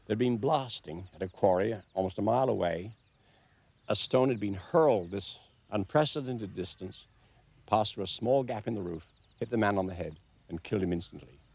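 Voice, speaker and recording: Documentary presenter, man, very low voice, measured and dry delivery. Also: darkish tone, breathy edge, no room sound. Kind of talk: documentary narration to camera.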